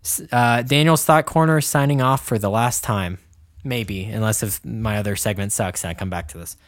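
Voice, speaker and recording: A man's voice: on the low side, moderate pace, no echo. A man hosting a casual chat who laughs often and explains things at length. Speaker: podcast host.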